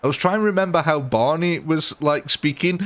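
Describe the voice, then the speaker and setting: A man's voice: fairly high pitch, fairly quick, a bit bright. A man hosting a live gaming stream, chatting casually with viewers in a rambling, self-mocking way. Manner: rambling and self-mocking, prone to laughing at himself. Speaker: gaming livestream host.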